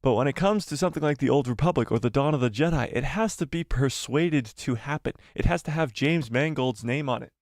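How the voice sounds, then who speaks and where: A man hosting a live stream, talking in an animated way and repeating phrases as he builds theories. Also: mid-range voice, fairly quick, hardly any pauses, no echo, studio quality. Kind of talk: casual live-stream commentary.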